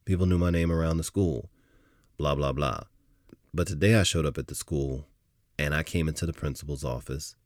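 A middle-aged man with a very deep, low voice tells a personal story. He speaks with animated emphasis that builds as he goes, in a dry, close recording with no room sound. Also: moderate pace, no room sound. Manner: animated, emphatic retelling with rising intensity. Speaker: podcast host.

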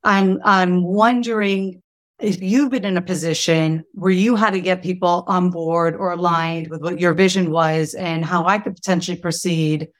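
Woman in a Q&A, earnest, stops and restarts, lower-pitched voice. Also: steady tone. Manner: earnest, halting, searches for words. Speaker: audience member asking a question. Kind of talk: casual conversation.

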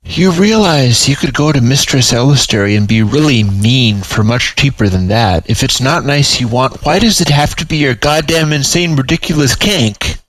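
A man's voice: mid-range voice, expressive, normal speed, few pauses, a bit bright, pitched above the performer's own voice, natural voice. A man voicing an eager male dog-like creature who stammers and pleads. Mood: pleading.

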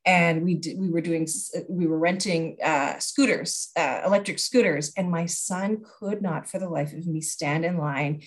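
A woman from Canada, a guest expert on a podcast, telling stories in an animated way and acting out dialogue. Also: fairly low pitch, normal speed, few pauses. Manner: animated storyteller who acts out dialogue. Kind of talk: conversational podcast interview.

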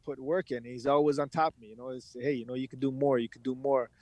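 A man talks candidly as a guest on a podcast, slowly finding his words and often restarting. His voice sits at an ordinary pitch. The recording is dry, with no room echo. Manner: reflective, halting, many restarts, animated when imitating his father. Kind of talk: candid conversational interview.

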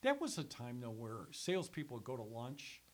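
An older man, a former sales executive, telling animated stories in a casual chat and laughing as he goes. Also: mid-range voice, normal speed.

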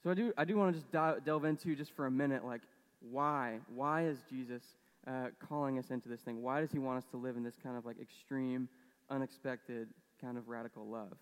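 A man's voice: medium pitch, fairly even intonation, a little fast, clean tone, in a large hall. A man preaching a casual sermon, conversational and storytelling, with lots of fillers. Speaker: pastor.

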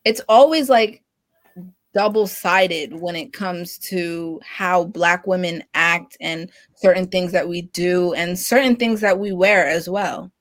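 A woman's voice: fairly low pitch, takes it slowly, no echo, rough recording. A woman in a group discussion, speaking frankly and emphatically and mixing in quoted asides. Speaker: discussion participant.

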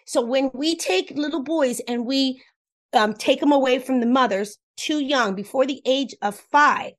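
High-voiced, animated woman coach, Spanish native. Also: normal speed. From Cuba. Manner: lively, emphatic, repeats herself, laughs often. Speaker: relationship coach, guest. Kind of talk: animated explanatory interview talk.

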